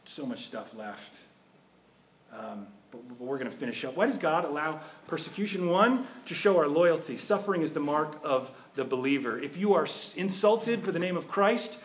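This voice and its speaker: A man with a fairly high voice delivers a sermon. He talks to the congregation conversationally and keeps posing rhetorical questions. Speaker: preacher.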